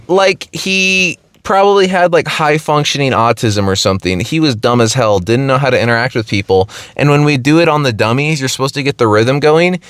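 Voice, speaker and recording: A man's voice: mid-range voice, fairly quick, clean tone, dry recording, studio quality. Rambling young man telling a funny story. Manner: rambling, animated, laughing through his own story; heavy use of "like", frequent restarts. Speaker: streamer. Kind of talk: comedic storytelling monologue.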